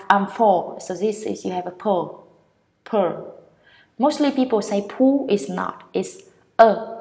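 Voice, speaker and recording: Vietnamese-accented woman teacher, unhurried delivery, models each word again and again for a pronunciation class. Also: fairly high pitch, a little mellow. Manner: repeats each word slowly, drawing out vowel sounds. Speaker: English teacher. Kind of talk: pronunciation lesson.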